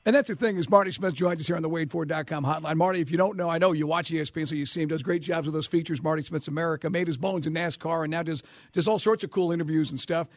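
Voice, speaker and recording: A man hosting a sports radio show, giving quick upbeat introductions. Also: fairly high pitch, steady tone, no room sound. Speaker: radio host.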